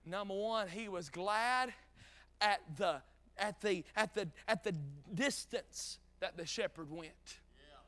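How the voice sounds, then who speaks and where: High, bright-voiced North Carolina preacher. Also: male voice, takes it slowly. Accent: North Carolina Southern. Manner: folksy, joking asides, rising to shouted peaks. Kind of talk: revival sermon with storytelling.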